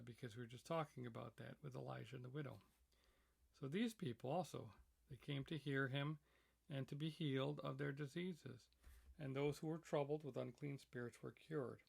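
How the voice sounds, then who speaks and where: A man with a gravelly, mid-pitched voice reads scripture aloud as a weekly teaching. He pauses between verses to explain them, slipping in the odd "uh" and restarting phrases as he goes. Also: fairly bright tone. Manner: reads passages aloud, then comments with fillers and restarts. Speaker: teacher reading a weekly message. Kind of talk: Bible teaching, reading scripture with commentary.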